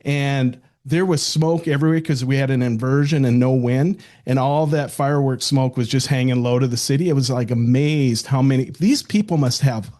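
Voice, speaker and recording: An older man chatting as a podcast co-host. He rambles through stories in a relaxed, joking way, with a voice of middle pitch. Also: normal speed, hardly any pauses. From South Dakota, United States. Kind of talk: casual chat.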